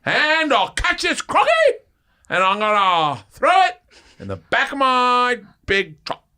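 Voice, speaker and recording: A man's voice: very high voice, big pitch swings, a little slow, sharp tone, clear, resonant tone. A man on a comedy podcast improvising short mock monologues in goofy put-on foreign accents.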